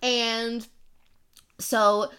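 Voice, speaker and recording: A woman's voice: a little high, flat delivery, drawn-out words, sharp tone, clear, resonant tone. A young woman co-hosting a podcast, retelling a novel's plot in a rambling casual way full of "like". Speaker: podcast co-host. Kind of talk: casual book-recap chat.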